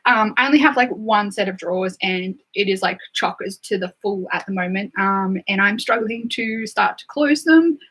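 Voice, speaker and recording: A woman's voice: mid-range voice, normal speed, few pauses, a bit bright, husky, rough recording. A young Australian woman chatting casually on a live stream, filling her talk with "like" and "um". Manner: chatty, full of "like" and "um" fillers. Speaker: beauty livestreamer.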